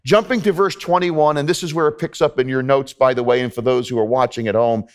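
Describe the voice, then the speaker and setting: A man's voice: medium pitch, fairly quick. A man preaching a sermon in a church, talking earnestly and conversationally to the congregation, often repeating himself. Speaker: pastor. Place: church sanctuary.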